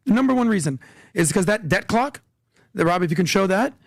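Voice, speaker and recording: A man telling a story on a podcast as a guest, animated and acting out the quotes. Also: high-pitched, vocal fry, dry recording, studio quality. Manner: animated, rushed storyteller who acts out quotes.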